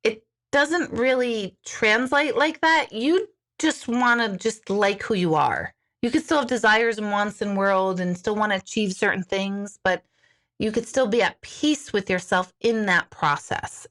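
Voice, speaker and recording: A woman's voice: medium pitch, unhurried, fairly bright tone. A woman hosting a casual live stream, talking frankly and chattily with viewers and swearing now and then. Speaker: livestream host, intuitive coach.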